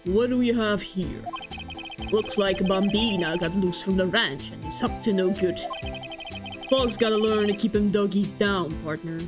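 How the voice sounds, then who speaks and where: A woman's voice: mid-range voice, drawn-out words, hardly any pauses, pitched below the performer's own voice. A woman voicing a swaggering male detective who talks like a cowboy, drawling folksy slang. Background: game music.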